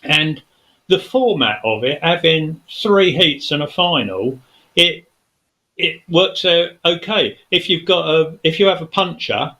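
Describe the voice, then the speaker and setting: A man's voice: on the high side, lively intonation, measured pace, bright, forceful tone, low-quality recording. A man, a studio guest telling a long story in casual chat, rambling with many fillers and restarts.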